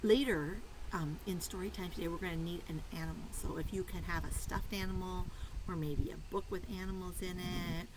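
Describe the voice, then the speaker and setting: Reading a picture book aloud to preschoolers, a young woman with a fairly low voice sounds animated and sing-song, drawing words out slowly and slipping into soft whispers. Background noise can be heard.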